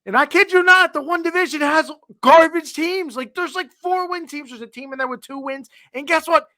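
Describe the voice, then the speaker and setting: A young man co-hosting a sports podcast, ranting in an animated way with a voice that climbs higher when he gets fired up. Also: normal speed, dry recording. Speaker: podcast co-host. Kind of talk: casual sports chat.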